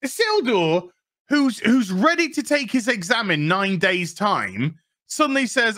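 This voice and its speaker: A man's voice: high-pitched, big pitch swings, a little slow, bright, forceful tone. A man with a Yorkshire accent ranting sarcastically through a TV episode review, swearing often. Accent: Yorkshire English. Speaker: TV review vlogger.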